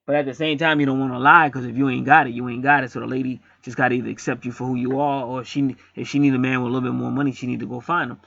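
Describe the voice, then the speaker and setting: A man's voice: mid-range voice, level tone, racing, creaky, hardly any pauses, a bit bright, no room sound, muffled recording. A middle-aged man acting as a spiritual reader, talking bluntly in a casual streetwise monologue and swearing freely.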